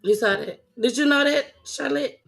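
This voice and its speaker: Bright-voiced woman hosting a casual chat. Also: high voice, normal speed, gravelly. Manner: loose, laughing, talks straight to viewers. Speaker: host.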